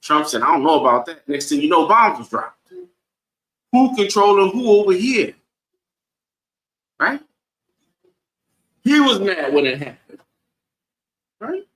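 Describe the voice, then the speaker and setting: Preachy guy teaching bible class, bright sharp voice, echoey room. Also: high voice, very animated, slow pace, pauses often. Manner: preachy, asks the room "right?" over and over.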